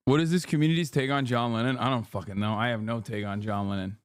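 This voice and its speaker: A man hosting a live stream, talking in brash, profane, casual commentary with quick asides into a close mic. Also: medium pitch, fairly even intonation, clear, resonant tone, no room sound. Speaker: livestream host.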